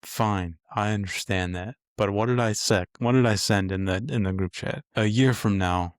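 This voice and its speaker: Lower-voiced man pushing back wryly. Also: moderate pace, no room sound. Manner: defensive, wry pushback. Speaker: podcast co-host. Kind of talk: casual podcast chat.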